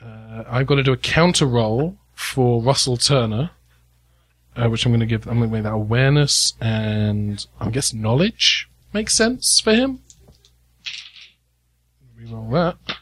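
A man's voice: mid-range voice, lively intonation, measured pace, a bit bright. A man running a tabletop game as game master, casual and thinking aloud with fillers.

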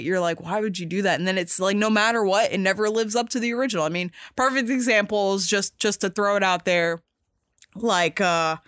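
A woman hosting a podcast in casual chat, talking in an animated, rambling way with many fillers and restarts, emphatic and swearing casually. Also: mid-range voice, no room sound, clean studio sound. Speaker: podcast host.

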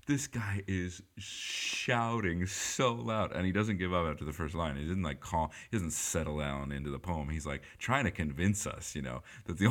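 A man telling a funny story in casual speech, animated and laughing often, with many fillers. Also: sits low.

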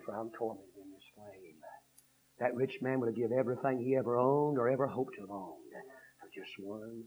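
A man preaching a revival sermon, swinging from hushed storytelling to shouted 'uh'-punctuated cadences. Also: mid-range voice, slightly rough. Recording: dull lo-fi sermon recording.

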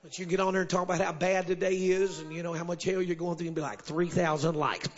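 High husky preacher. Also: male voice, fairly even intonation, brisk, highs cut off. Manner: builds to shouted call-and-response, sprinkles amen. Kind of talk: sermon. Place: church service with congregation.

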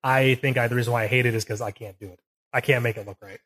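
A man's voice: medium pitch, fairly even intonation, racing, fairly bright tone. Rambling male podcast co-host. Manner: rambling, self-correcting, explains technical detail. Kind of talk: casual chat. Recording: poor audio, uneven levels.

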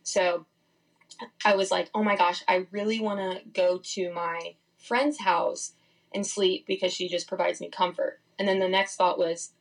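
A woman's voice: on the low side, flat delivery, a little slow, poor audio. A young woman speaking as a podcast guest, sharing a personal faith testimony in a candid, rambling way full of "like" fillers. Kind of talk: casual testimony.

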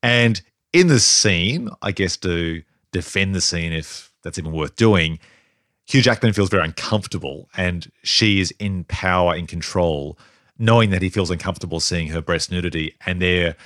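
A man's voice: low voice, moderate pace, a bit bright, no room sound, studio quality. A man co-hosting a podcast, chatting casually and animatedly about a film, laughing often as he thinks aloud. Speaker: podcast co-host.

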